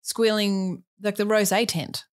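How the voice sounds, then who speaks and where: A woman's voice: medium pitch, level tone, measured pace. A woman guest on a podcast, chatting casually, bubbly and teasing, often exclaiming. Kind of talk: casual chat.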